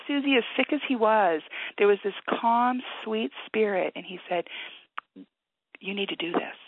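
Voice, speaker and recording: A woman guest on a call-in radio show, telling a story with animated energy and acting out the people in it. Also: fairly high pitch, moderate pace, a little hiss or hum. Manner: lively, animated storyteller who acts out the voices; quiet, earnest prayer. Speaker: guest author. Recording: tinny phone-line sound.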